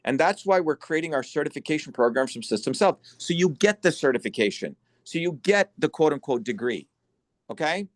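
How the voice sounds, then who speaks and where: A man hosting an online symposium, lecturing forcefully and bluntly over a video call, swearing for emphasis. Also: on the high side, lively intonation, fairly quick, no echo. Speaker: symposium host and educator.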